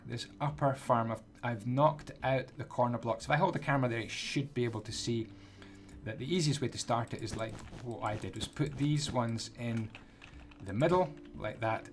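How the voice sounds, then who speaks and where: A man's voice: medium pitch, moderate pace. Chatty man narrating a block build. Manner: chatty, playful, counts blocks aloud. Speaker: Minecraft builder and tutorial host. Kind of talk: casual build tutorial commentary. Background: background music.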